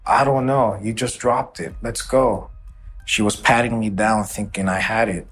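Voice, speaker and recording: A man telling an interviewer about a violent night in a halting way, often repeating his words. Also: lowish voice. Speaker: interview guest. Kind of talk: personal account in an interview.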